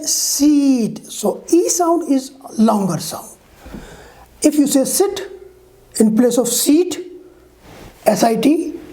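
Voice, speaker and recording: A woman's voice: on the high side, dark tone. A woman teaching English pronunciation, saying each sound with an example word and checking in with the learner. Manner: slow, deliberate, models each sound with examples. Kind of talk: pronunciation lesson.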